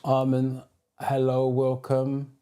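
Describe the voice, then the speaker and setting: This is a British man running a live driving theory Q&A. His voice sits at a middling pitch with a dark, mellow tone. He welcomes viewers one by one and answers their questions as he reads their messages out. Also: completely flat delivery, slow pace, clear, resonant tone. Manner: reads out viewer comments and greets them by name. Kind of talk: live-stream Q&A.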